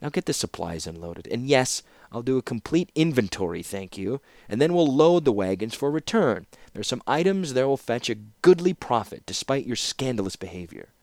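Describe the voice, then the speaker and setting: A man's voice: mid-range voice, sing-song, moderate pace, hardly any pauses, a little mellow, no room sound, clean studio sound, voice pushed up. A man voicing a stern, commanding female scholar who scolds sharply. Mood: scolding.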